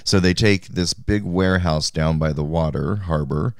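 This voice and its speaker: Man, very low voice, tired, casual podcast chat, dry close sound. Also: gravelly, no room sound. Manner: tired, slow to laugh. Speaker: podcast co-host.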